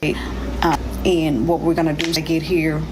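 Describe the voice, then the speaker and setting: A woman's voice: sits low, little pitch movement, measured pace. Woman telling a story over noise. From Indiana, USA. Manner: retells events breathlessly, acting out her own panicked voice in quotes. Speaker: storyteller in a played clip. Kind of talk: emotional personal story. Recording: clear background noise.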